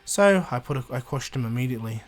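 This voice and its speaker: An upbeat, joking young male ninja, voiced by a man in a casual fan-told story. He talks in a chatty, friendly way at an ordinary middle pitch. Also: lively intonation, fast, natural voice.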